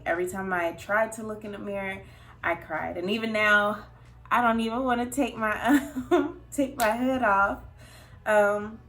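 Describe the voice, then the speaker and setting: A young woman talks straight to camera in a candid, confessional vlog, her voice sitting at an ordinary middle pitch. She speaks in halting, rambling phrases full of fillers and small nervous laughs, earnest and emotional throughout. Faint music plays softly behind her. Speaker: vlogger.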